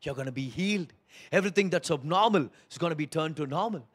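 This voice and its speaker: A man preaching a sermon as pastor, moving between hushed tender pleading and loud emphatic preaching. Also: fairly high pitch, expressive, fast talker, slightly rough.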